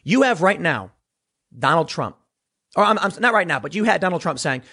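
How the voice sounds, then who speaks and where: A man's voice: a little high, normal speed, slightly rough. A man delivering a sarcastic political opinion monologue, talking straight to his audience. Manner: animated, sarcastic, mocking voices of others. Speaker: political commentator.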